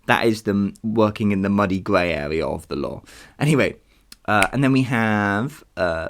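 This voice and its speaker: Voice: low voice, expressive, normal speed, slight background noise. A podcast host talking casually on their own, chatty and self-deprecating, with frequent asides. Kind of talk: casual solo podcast commentary.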